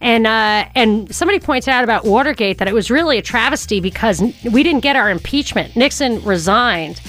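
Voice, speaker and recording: A woman hosting a talk radio show, chatty and quick, on a studio microphone. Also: on the high side, expressive, a bit bright, faint music behind.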